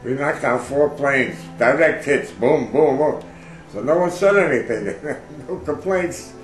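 An older man tells his memories in a loose, rambling way, stopping for fillers and throwing in the orders he heard. His voice sits at a middle pitch. The room has a noticeable echo, and faint music plays underneath. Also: lively intonation, a little slow. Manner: rambling, many fillers, acts out shouted orders. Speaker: interviewee, war veteran. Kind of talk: casual oral history storytelling.

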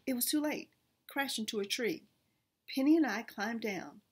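A woman reading a children's storybook aloud in first person, expressive, with small restarts. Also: on the high side, moderate pace, breathy edge.

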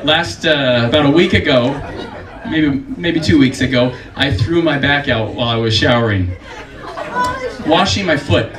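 Forties male comic, dry self-mocking stand-up delivery, heard from far off in a roomy club. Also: normal speed. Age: 40s. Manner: self-deprecating, deadpan delivery with high put-on voices for quoted people. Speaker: stand-up comedian. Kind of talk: stand-up comedy set. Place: comedy club stage with live audience. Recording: roomy, distant mic, crowd audible.

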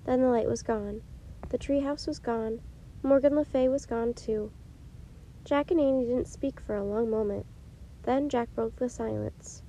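A woman reads a children's chapter book aloud in a gentle, unhurried way. Her voice is somewhat high yet warm and mellow. A faint hiss runs under the home recording. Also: low-quality recording. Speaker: storytime reader.

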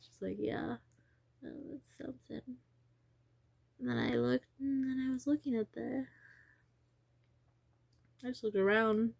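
Long pauses break up this woman's gravelly, slightly high voice as she drifts through a personal vlog at a moderate pace. She trails off and sometimes whispers; the recording has no echo.

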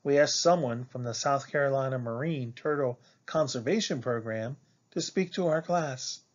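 A man reading a children's picture book aloud in a slow, expressive way, as a teacher for a class. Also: medium pitch, lo-fi sound.

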